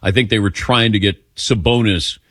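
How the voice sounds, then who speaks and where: A man's voice: lowish voice, normal speed, a bit bright, breathy edge, no room sound, clean studio sound. A man hosting a call-in radio show, chatting casually, laughing readily and poking fun at himself. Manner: laughs readily, self-mocking. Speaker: radio talk show host.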